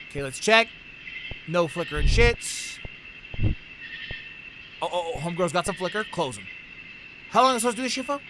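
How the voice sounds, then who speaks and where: A man doing excitable, profane horror game commentary, reading game text aloud between outbursts and shouts. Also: sits high, brisk, long pauses, noisy background. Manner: excitable, swears a lot, bursts into shouts. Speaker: let's play gamer.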